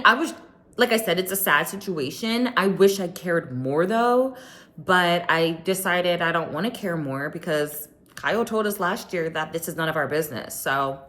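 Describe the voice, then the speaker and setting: A woman's voice: deep voice, a bit bright. A woman hosting a casual reality TV recap, chatty and sassy, acting out the cast's lines. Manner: chatty and sassy, acts out quotes.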